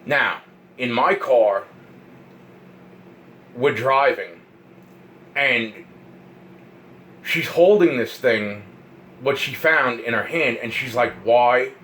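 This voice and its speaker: Profane, excitable man telling a story. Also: mid-range voice, takes it slowly, long pauses, a little hiss or hum, poor audio. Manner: profane, excitable, repeats himself. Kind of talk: rambling personal storytelling.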